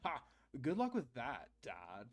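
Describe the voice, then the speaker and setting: A man's voice: mid-range voice, wildly swooping pitch, slow, a little hiss or hum. Man voicing a sulky surfer-ish teen boy. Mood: bored. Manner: lazy surfer-like drawl. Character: apathetic teenage boy, sulky son.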